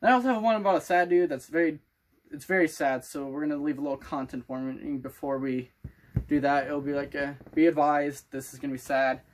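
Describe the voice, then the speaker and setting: In a laid-back vlog to camera, a teenage boy aged sixteen rambles and jokes around using a loose, made-up accent. His voice is a little high and steady in tone, and fairly quick.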